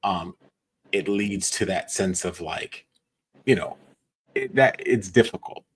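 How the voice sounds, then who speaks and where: A man hosting a casual conversation with his mother, talking haltingly with many fillers. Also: sits low, slightly rough. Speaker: host, coach. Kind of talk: casual interview chat.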